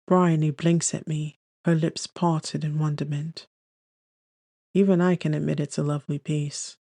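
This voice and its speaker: Male narrator, first-person romance audiobook, gentle storytelling, gravelly, dry close mic. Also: a little high, level tone, a little slow, dry recording.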